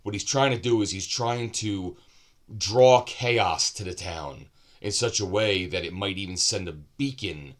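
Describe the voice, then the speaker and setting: Man, fairly low pitch, casual book review, rambling, self-correcting asides. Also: unhurried.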